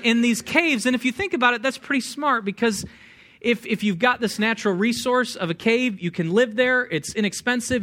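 An American man preaching a sermon in a relaxed, joking way, full of fillers and restarts. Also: sits high. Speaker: pastor. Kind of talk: sermon with slides.

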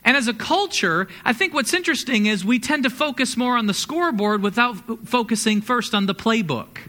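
A man preaching a sermon, a pastor talking in a conversational, energetic way and asking the congregation questions. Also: very high voice, a little fast.

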